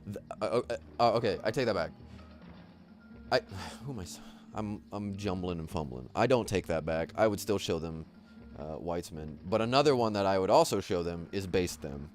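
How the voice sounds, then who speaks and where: Lowish-voiced guy rambling thru a livestream, lots of likes and ums, gets hyped, bit of music under it. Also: moderate pace. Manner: excitable, rambling, lots of fillers and laughs. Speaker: livestream host. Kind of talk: casual livestream commentary.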